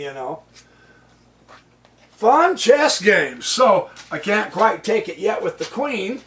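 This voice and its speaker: Slow, lively chess commentator, a bit off-mic. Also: medium pitch, recorded from a distance, a little hiss or hum. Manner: chuckling, exclaims with delight at the opponent's moves. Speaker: chess channel host. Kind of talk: casual commentary on their own chess game.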